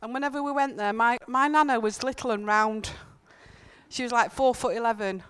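Woman preacher, smooth clear tone, chatty earnest sermon in church, leans on repetition. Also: a little high, a little fast, fairly bright tone. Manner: earnest, conversational, emphatic repetitions. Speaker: church speaker. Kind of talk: informal sermon with personal stories.

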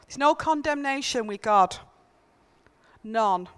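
Speaking slowly in church, this woman has a voice on the high side with lively intonation and a clean, fairly bright tone. Her sermon is informal and earnest, built on personal stories and emphatic repetition of key points, delivered conversationally.

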